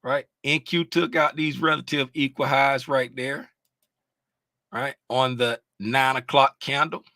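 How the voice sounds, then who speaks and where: Guy breaking down trading charts live, bright forceful voice, slow and deliberate, keeps quizzing the chat. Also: mid-range voice, no room sound, studio quality. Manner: animated, sings out terms, asks the audience questions. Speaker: trading educator.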